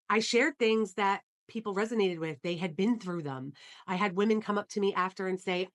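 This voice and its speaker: A woman's voice: mid-range voice, normal speed. A woman hosting a solo podcast, telling her story in an earnest, enthusiastic way with frequent fillers like "um" and "you know.". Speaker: podcast host.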